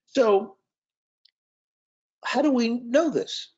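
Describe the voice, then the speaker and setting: A man's voice: mid-range voice, animated, unhurried, vocal fry. A man and author giving a conversational talk, telling anecdotes with frequent fillers. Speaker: author and speaker. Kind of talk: storytelling talk. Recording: dull lo-fi recording.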